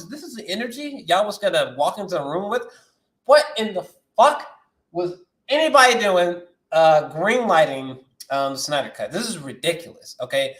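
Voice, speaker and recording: A man hosting a movie news vlog, ranting with lots of swearing and swinging from shouting to muttering. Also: high-pitched, roomy sound. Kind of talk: animated solo movie-news rant.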